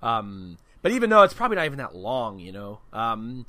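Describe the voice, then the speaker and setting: A man hosting a podcast, telling a story in casual chat, animated and swearing freely. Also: mid-range voice, a little fast, dry recording. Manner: animated, swearing, laughs through his story. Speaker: podcast host.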